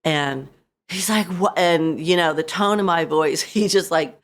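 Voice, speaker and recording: A middle-aged woman, a podcast guest, telling a painful personal story in a halting way, full of "you know" and re-enacted lines. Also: sits low. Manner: halting, full of you-knows, re-enacting her own words.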